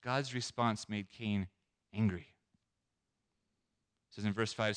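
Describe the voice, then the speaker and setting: A man preaching a sermon as a pastor, animated, acting out scenes and asking the listeners questions. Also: lowish voice, takes it slowly, long pauses. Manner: animated, acts out scenes, asks the audience questions.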